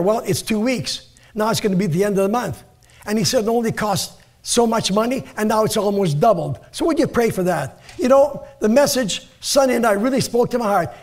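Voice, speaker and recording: High-voiced older man preaching. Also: darkish tone. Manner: earnest, repeats words, reads scripture slowly. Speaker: pastor. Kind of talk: sermon. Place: church sanctuary.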